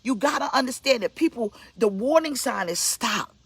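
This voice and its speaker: Emphatic New woman preacher, breathy voice. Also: lively intonation, moderate pace, no echo. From Brooklyn, New York. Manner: blunt, emphatic, scolding, with sudden pitch leaps. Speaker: pastor. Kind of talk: preaching sermon.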